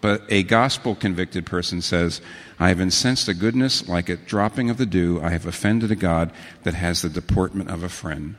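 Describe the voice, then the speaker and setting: A middle-aged man preaching a sermon as pastor, telling stories and quoting scripture with sudden swings between low, hushed phrases and raised, emphatic ones. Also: normal speed. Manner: animated storytelling with sudden pitch swings and quotations. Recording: long hall reverb.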